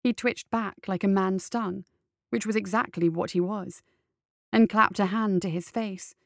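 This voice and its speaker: A woman reading a story aloud in steady scripted narration. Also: medium pitch, measured pace, gravelly, no room sound, studio quality. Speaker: audiobook narrator.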